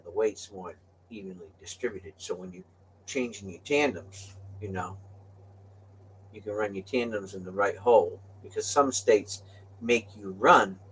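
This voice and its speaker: An older man casually telling trucking stories to his viewers, animated, swearing now and then and laughing along. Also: mid-range voice, breathy edge. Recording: distant from the mic.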